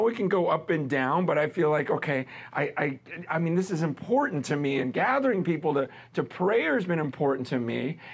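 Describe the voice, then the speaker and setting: A middle-aged American man preaching a sermon in a conversational, lively way, with frequent fillers and restarts. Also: sits high, vocal fry, husky. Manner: conversational, lively, laughs with the congregation. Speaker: pastor.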